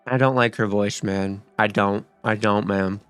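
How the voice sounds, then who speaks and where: A man's voice: on the low side, fairly even intonation, measured pace, a bit bright, smooth, no echo, faint music behind. Rambling, profane young man gaming. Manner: rambling and profane, with many fillers and restarts. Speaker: gaming streamer. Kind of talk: casual gaming commentary.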